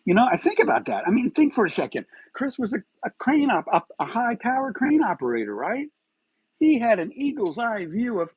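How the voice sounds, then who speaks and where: A man's voice: sits high, husky, dry recording, low-quality recording. A man hosting a live stream of true-crime commentary, agitated and firing rhetorical questions.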